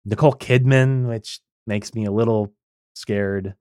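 A man's voice: on the low side, steady tone, measured pace, warm tone, dry recording, studio quality. A man co-hosting a podcast in casual chat, opinionated and blunt, with lots of "like" and "um" fillers. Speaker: podcast co-host.

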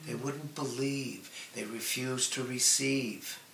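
Slow, earnest male preacher in echoey room. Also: mid-range voice, fairly even intonation, vocal fry. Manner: slow, earnest, drawn-out emphasis with soft trailing phrase endings. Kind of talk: sermon. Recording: echoey room with faint ambient noise.

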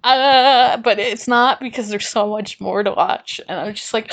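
A young woman co-hosting a podcast, chatting casually and excitedly, gushing and swearing freely. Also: mid-range voice, moderate pace, few pauses. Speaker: podcast co-host. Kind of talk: casual chat.

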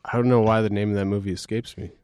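A man co-hosting a podcast, joking in casual chat with a dry, deadpan manner. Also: fairly low pitch, rapid-fire. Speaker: podcast co-host.

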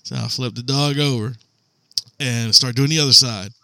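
A man's voice: medium pitch, fairly even intonation, normal speed, vocal fry, pushed and bright, no echo. A man co-hosting a podcast, telling a work story in casual, profane chat and laughing through it. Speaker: podcast co-host.

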